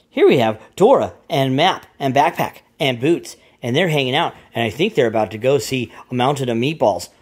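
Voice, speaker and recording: A man's voice: medium pitch, slightly rough. A man giving goofy, sarcastic running commentary over cartoon clips. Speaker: channel host.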